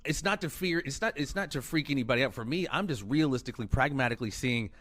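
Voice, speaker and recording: Quick-talking male podcast host, probing, dry recording. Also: mid-range voice, lively intonation, a bit bright, dry recording. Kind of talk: casual podcast conversation.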